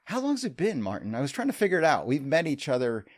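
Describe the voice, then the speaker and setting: A man's voice: a little high, huge pitch swings, fast talker. A man hosting a podcast, introducing and chatting with a guest in an enthusiastic, joking way. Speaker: podcast host. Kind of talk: casual interview chat. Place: remote video call.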